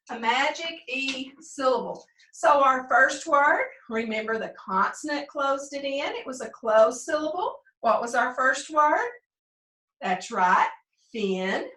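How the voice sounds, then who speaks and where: A woman teaching first grade phonics, prompting young pupils and slowly sounding out words in a sing-song way. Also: high voice, bright, forceful tone. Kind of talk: remote phonics lesson for young children. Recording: echoey room, mic at a distance.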